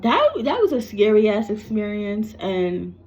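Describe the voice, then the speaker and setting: A woman's voice: medium pitch, very animated, unhurried, darkish tone. A psychic medium, a woman from New York, animatedly tells a personal story to camera and swears freely.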